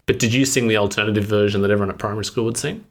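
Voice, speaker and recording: Wry, low-voiced man. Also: steady tone. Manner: measured, wry, musing aloud. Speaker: co-host. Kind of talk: casual podcast chat.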